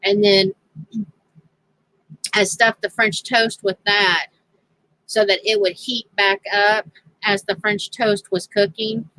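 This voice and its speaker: A woman's voice: mid-range voice, little pitch movement, slow, pauses often, bright, forceful tone, low-quality recording. A woman telling a casual story on her crafting channel, chatty and laughing often as she quotes others.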